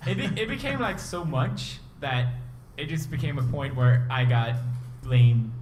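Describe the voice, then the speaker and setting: Brief: young man, mid-pitched, blunt and jokey, echoey room with audible noise. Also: lively intonation, moderate pace, hardly any pauses. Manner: laughs often, joking and blunt. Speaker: co-host in casual chat. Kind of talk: casual chat.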